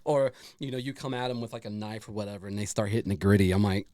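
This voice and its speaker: A man's voice: lowish voice, fast, darkish tone, no echo, studio quality. A man hosting a casual podcast, joking and swearing as he laughs with his guests. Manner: laughing, profane, jokey. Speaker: podcast host.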